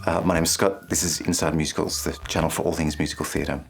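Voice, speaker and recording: Low-voiced man teaching singing. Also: flat delivery, fast. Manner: clear, playful, demonstrates phrases by singing them. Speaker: vocal coach and channel host. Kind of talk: singing lesson to camera.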